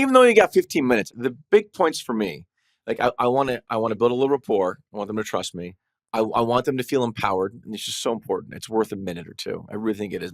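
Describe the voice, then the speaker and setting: A man talks quickly in a podcast conversation, an animated guest who tells stories with energy. His voice sits fairly low, and the sound is dry and close. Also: vocal fry, no echo. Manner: animated storytelling, acting out quotes. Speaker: trial lawyer guest on a podcast.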